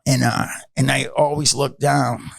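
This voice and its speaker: A man's voice: mid-range voice, little pitch movement, unhurried, creaky, dry recording. A man in his fifties, a podcast guest, telling his story in a rambling, casual way with many fillers and blunt swearing.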